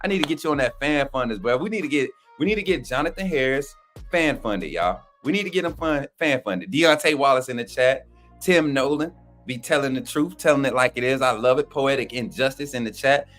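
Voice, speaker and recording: A man's voice: mid-range voice, expressive, fairly quick, a bit bright, soft background music. A man co-hosting a livestream, hyped and slangy, calling out chat names. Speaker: co-host. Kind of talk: casual livestream shout-outs.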